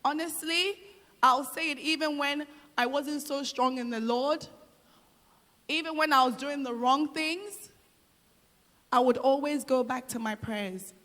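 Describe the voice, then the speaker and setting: A middle-aged woman speaking to a hall in a high voice, giving an encouraging motivational speech. She repeats key phrases for emphasis. Her voice rings with a long hall reverb. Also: measured pace, a bit bright. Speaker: guest speaker.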